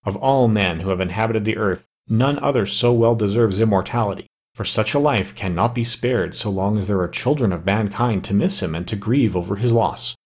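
A man's voice: on the low side, fairly quick, few pauses, slightly rough. A man voicing a noble male forest immortal who pleads earnestly and solemnly with his fellow immortals. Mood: persuasive.

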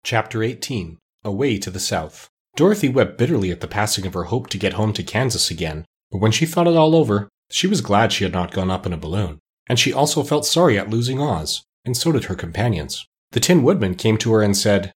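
Husky-voiced male audiobook narrator. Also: fairly low pitch, fairly quick. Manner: expressive storytelling. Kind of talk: scripted narration.

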